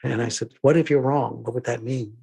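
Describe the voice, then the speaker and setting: A man's voice: mid-range voice, steady tone, brisk, creaky, husky. A man, a diversity trainer, telling stories thoughtfully in an interview and acting out exchanges from his workshops. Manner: thoughtful, acts out dialogue, shifts between soft and emphatic. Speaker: diversity trainer and filmmaker, guest. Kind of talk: reflective storytelling interview.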